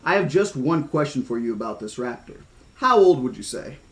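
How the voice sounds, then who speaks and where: A man's voice: medium pitch, big pitch swings, pitched below the performer's own voice. Casting: man playing a cool, probing scientist. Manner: measured, questioning. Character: measured male mathematician, probing.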